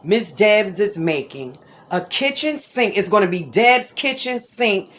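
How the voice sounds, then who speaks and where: A woman hosts her own cooking channel, chatting casually while walking through a recipe in her home kitchen. She often checks in with "right?" and "okay?", laughs easily, and talks fast at times. Her medium-pitched voice is expressive and fairly bright, with a little hiss or hum in the recording.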